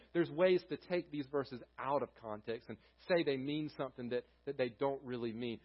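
A man delivers a sermon in a slightly high voice, reading scripture with fervent force, then dropping to hushed, sober warnings. The recording sounds muffled and dull. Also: breathy edge. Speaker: pastor.

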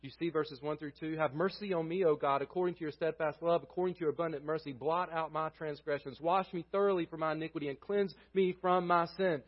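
A man preaching a sermon as pastor, earnest, his voice dropping low and quiet at the ends of phrases. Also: fairly even intonation, fast, hardly any pauses, dull audio.

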